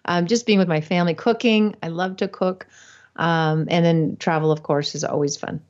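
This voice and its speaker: Woman, podcast guest, chatty, laughs a lot, low voice, lo-fi call audio. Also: steady tone, normal speed, darkish tone. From United States. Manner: chatty, laughs often, with many fillers and restarts. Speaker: podcast guest, real estate investor. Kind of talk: casual interview talk.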